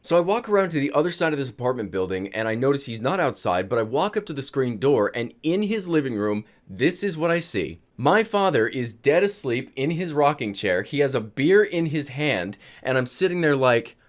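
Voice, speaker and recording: A man's voice: medium pitch, very animated, fairly quick, few pauses. A man telling a funny personal story in a casual vlog, laughing as he goes. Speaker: vlogger.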